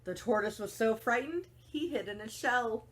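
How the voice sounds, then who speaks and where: A woman teacher reading a picture book aloud to children in a gentle, deliberate storytelling manner. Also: fairly high pitch.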